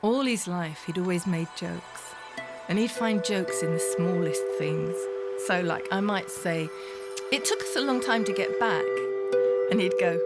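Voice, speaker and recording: A woman's voice: lowish voice, lively intonation, measured pace, loud music behind the voice. A middle-aged woman telling a personal memoir in an intimate spoken-word style, often dropping to a whisper.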